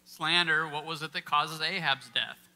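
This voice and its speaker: A man's voice: a little high, a little slow, pushed and bright. A man giving an interactive Bible teaching talk to a live audience in a church, quizzing listeners and stressing key words in a conversational way. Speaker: workshop speaker.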